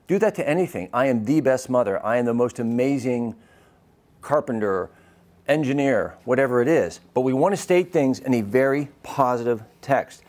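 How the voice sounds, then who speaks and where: Man, physician lecturing, asks audience questions, mid-pitched voice. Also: animated, normal speed, a little mellow. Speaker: physician giving a talk. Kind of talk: live lecture.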